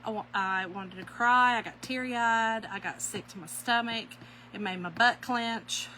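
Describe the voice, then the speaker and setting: Woman, crafting vlogger, animated and folksy, bright slightly high voice, faint room noise behind. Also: unhurried. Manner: animated, folksy, addresses viewers as y'all. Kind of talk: chatty storytelling while crafting.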